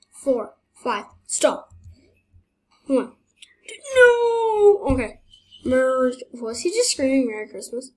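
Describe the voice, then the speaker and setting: Young woman, high voice, unhurried pace, gameplay commentary, excitable exclamations. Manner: excitable, exclaims and laughs while playing. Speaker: gaming channel host.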